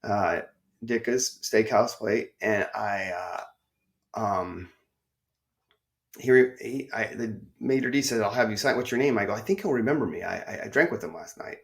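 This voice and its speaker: A middle-aged man from northern Illinois hosting a podcast, telling a story in a chatty, excitable, rambling way. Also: lowish voice, normal speed, creaky. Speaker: podcast host. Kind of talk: casual storytelling.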